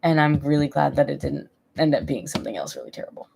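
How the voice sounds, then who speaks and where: A woman's voice: low voice, sing-song, quick pace, gravelly, a little mellow, a little hiss or hum. A woman in her thirties chatting casually on a live stream from home, rambling and emotional, laughing often. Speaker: vlogger.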